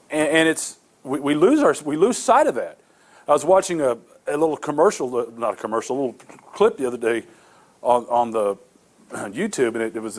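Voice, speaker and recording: A middle-aged male pastor preaching a sermon, telling stories earnestly with many repeated restarts. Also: mid-range voice.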